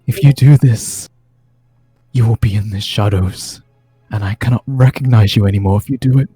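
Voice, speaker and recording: A man's voice: on the low side, moderate pace, dark tone, faint music behind, close to an everyday voice. A man voicing the pleading, ghostly mother of a young man in a tabletop game, begging him to stay in the light. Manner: begging, emotional.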